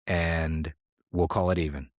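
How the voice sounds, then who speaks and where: A man's voice: low-pitched, steady tone, unhurried, dry recording, clean studio sound. A man co-hosting a comedy podcast, rambling in a playful, mock-serious way. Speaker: podcast co-host. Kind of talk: casual comedic podcast chat.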